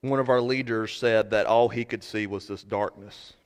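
A man preaching a sermon as pastor, swinging from shouted fervor to quiet earnest talk. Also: on the low side, fairly even intonation, moderate pace, clear, resonant tone. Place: church sanctuary. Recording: preached in a reverberant hall.

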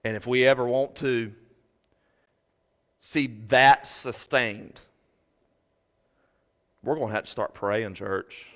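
A man preaching a sermon as pastor, swinging from shouted fervor to quiet earnest talk. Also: medium pitch, slow pace, pauses often. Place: church sanctuary. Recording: preached in a reverberant hall.

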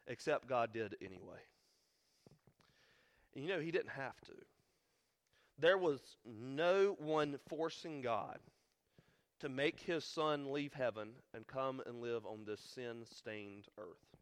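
Pastor, male, mid-pitched, earnest sermon delivery with weighty pauses and rising emphasis.

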